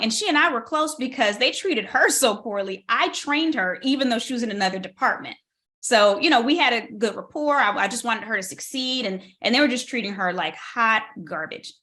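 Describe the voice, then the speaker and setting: A woman with a bright, clear voice sits for a podcast interview. She tells her story with animation, swinging her pitch widely and voicing the people she quotes. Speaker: guest, tech strategist and keynote speaker.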